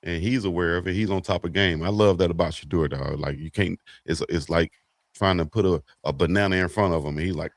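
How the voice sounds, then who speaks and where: A man co-hosting a casual sports talk show, slangy and animated, acting out quotes. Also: deep voice, brisk, dry recording. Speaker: co-host.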